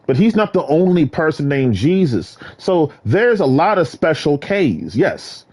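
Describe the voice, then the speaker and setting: A man talks on his own for the camera, wandering from one thought to the next. His voice is husky and a little high for a man. His pitch leaps all over the place, from low muttering asides to sudden high, excited cries. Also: unhurried. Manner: animated, jumps between topics, bursts into high exclaims. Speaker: vlogger. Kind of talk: rambling solo monologue.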